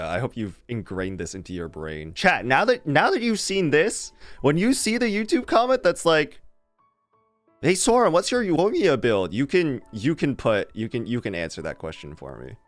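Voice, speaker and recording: Animated, laughing game streamer. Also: mid-range voice, moderate pace, no echo, faint music behind. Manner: animated, laughs often, rambling. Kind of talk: casual chat with live chat.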